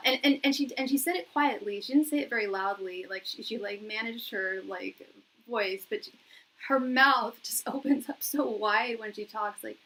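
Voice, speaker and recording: A woman's voice: a little high, moderate pace, fairly bright tone, rough recording. A young woman reading tarot on a live stream, chatting casually with lots of fillers, laughs and repeated words. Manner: reads viewers' chat messages aloud. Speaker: tarot reader and psychic.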